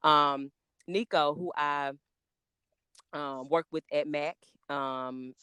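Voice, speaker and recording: Excitable chatty woman guest. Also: sits low, clean tone, no echo. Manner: excitable, chatty, spells out names slowly. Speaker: podcast guest, makeup artist. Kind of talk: casual podcast chat.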